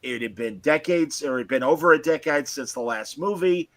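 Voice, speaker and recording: Bright-voiced man in opinionated chat. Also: a little high, fairly quick, dry recording. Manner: emphatic, opinionated, restarts often. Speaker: podcast co-host. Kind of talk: casual chat.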